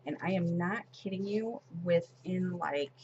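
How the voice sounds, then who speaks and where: A planner vlogger in her forties chats casually while decorating her planner, retelling a story with lots of fillers and restarts. Her fairly low voice is unhurried, and the audio sounds dull with a noisy background.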